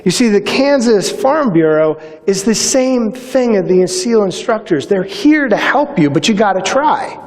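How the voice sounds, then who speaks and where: A middle-aged man giving a motivational speech, telling stories and acting out the dialogue with lively energy. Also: high-pitched, a little slow, few pauses. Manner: animated storyteller acting out dialogue. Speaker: keynote speaker. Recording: reverberant hall.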